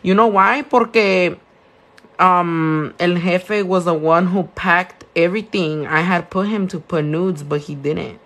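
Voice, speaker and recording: A young woman with a Californian accent, a nail tech chatting casually on a live stream, answering viewer questions and mixing Spanish words into her English. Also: fairly low pitch. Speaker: nail tech and shop owner. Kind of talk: casual live-stream chat while doing nails.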